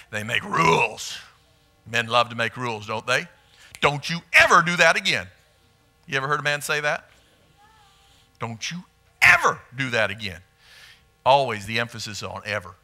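Man, pastor, sermon, very bright voice, slightly high pitch, lively asides to the congregation. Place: church sanctuary.

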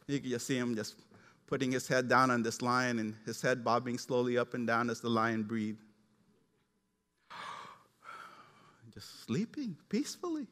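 A male pastor preaching a sermon with animated storytelling, acting out the characters as he retells the passage. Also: mid-range voice, a little slow, long pauses, in a large hall.

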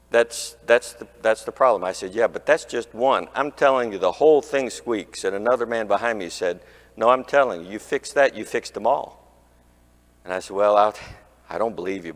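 A man preaching, telling a folksy, humorous anecdote and imitating squeaks. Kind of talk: sermon storytelling. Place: church sanctuary. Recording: long church reverb.

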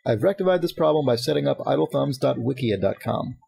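Gravelly fast-talking man on a podcast. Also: medium pitch, low-quality recording. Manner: fast-talking, animated, laughs often. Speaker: podcast host. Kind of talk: casual chat, reading listener emails.

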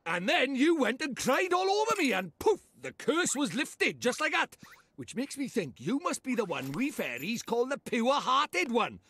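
A man's voice: very high-pitched, very animated, moderate pace, pushed and bright, husky, no room sound, exaggerated voice. An actor playing a boastful, chatty little male fairy lord with a lilting Welsh accent in a video game. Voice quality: lilting, brash and talkative. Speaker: game character.

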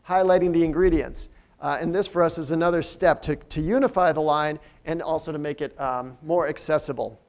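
High-voiced man giving a business lecture. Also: a little mellow. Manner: conversational, engages the audience with questions; frequent fillers and restarts. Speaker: company founder giving a guest lecture. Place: university lecture room.

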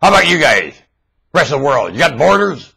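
A man with a husky voice, rambling aloud to his viewers in a webcam monologue. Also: fairly high pitch, big pitch swings, brisk, sharp tone, low-quality recording. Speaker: vlogger.

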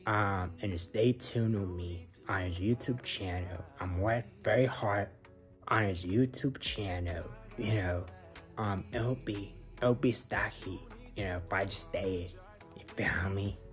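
A man's voice: low-pitched, steady tone, a little slow, soft background music. A man casually retelling a video for his channel, rambling with lots of fillers and often half-whispering. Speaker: reaction vlogger.

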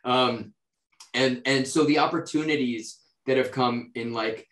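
Chatty American actor in a roomy space. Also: male voice, medium pitch, unhurried. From United States. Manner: relaxed, rambling, lots of fillers and restarts. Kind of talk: interview. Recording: roomy echo.

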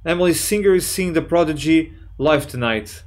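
Male gaming YouTuber, slightly high voice, jokey and profane let's play commentary. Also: normal speed. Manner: excitable, swears a lot, jokey; reads chat messages aloud in playful voices.

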